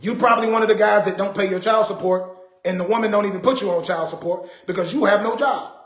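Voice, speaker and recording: A man's voice: high-pitched, quick pace, fairly bright tone, reverberant. A man hosting a casual livestream, talking to viewers in an emphatic, repetitive, indignant way. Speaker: livestream host.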